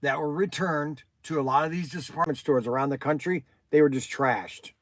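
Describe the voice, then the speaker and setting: Rambling older man, higher voice. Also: moderate pace, no echo. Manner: rambling, chatty, addresses viewers by name. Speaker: toy shop host answering viewers. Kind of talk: casual livestream chat.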